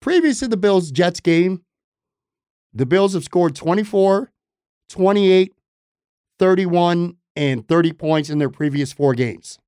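Opinionated man with a raised pitch. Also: animated, slow pace, dark tone, clear, resonant tone, dry recording, studio quality. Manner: emphatic, opinionated, self-correcting. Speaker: podcast host. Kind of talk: solo sports podcast commentary.

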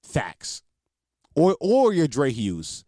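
A man's voice: fairly high pitch, wildly swooping pitch, very slow, mellow, dry recording, clean studio sound. A young man hosting a solo show, ranting in a blunt, profane, mocking way. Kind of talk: casual comedic rant.

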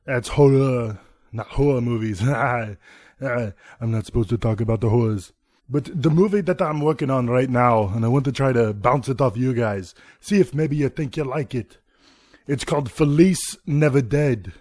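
A man doing a comedy impression of a grandiose action-star governor, with halting, mock-serious delivery. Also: medium pitch, darkish tone, no room sound, studio quality, natural voice. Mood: boastful. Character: bombastic male action-star governor, booming and boastful.

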